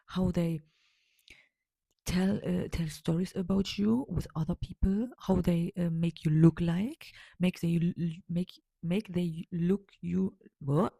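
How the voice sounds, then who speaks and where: Rambling woman podcaster, dark dry voice. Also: lowish voice, steady tone, slow pace, creaky, breathy edge, no room sound. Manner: rambling and emphatic, with many fillers and repetitions. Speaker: podcast host. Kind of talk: casual solo podcast monologue.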